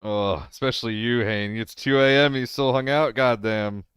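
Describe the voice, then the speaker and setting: A man streaming a game live, chatting casually with viewers, laughing often and swearing when he gets excited. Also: mid-range voice, normal speed, clean tone, no room sound, studio quality. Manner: excitable, laughing and swearing between relaxed chat.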